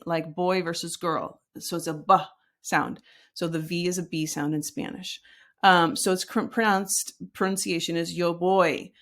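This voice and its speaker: A woman's voice: lowish voice, fairly bright tone. A woman teaching a recorded lesson, explaining step by step and modeling example sentences aloud. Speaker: Spanish teacher.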